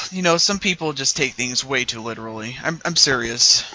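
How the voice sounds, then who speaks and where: A man's voice: medium pitch, lively intonation, moderate pace, pushed and bright, no echo. A man hosting a casual online chat, rambling with frequent stammered restarts. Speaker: YouTuber host.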